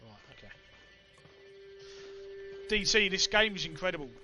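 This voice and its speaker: A young man with a Cockney accent, chatting excitedly to his stream chat while he plays. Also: sits high, a little slow, faint music behind. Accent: London Cockney. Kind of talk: casual let's play commentary.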